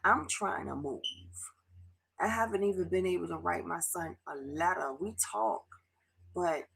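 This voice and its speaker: A middle-aged woman from Baltimore in an emotional confessional vlog, tearful and halting, sometimes dropping to a near whisper. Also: lowish voice, gravelly, a bit bright, husky, low-quality recording. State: tearful, fighting back tears. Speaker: vlogger.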